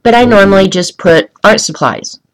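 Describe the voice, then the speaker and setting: A woman's voice: medium pitch, normal speed, poor audio. A woman hosting a casual live stream while coloring, chatting and ranting, answering viewers by name. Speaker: livestream host coloring art.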